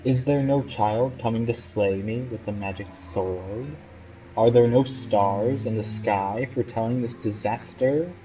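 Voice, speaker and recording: Brief: a man doing a determined young woman warrior in a game, earnest questions, mellow voice. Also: medium pitch, measured pace, recorded from a distance, slight background noise, natural voice, poor audio. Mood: questioning. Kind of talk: reading game dialogue aloud.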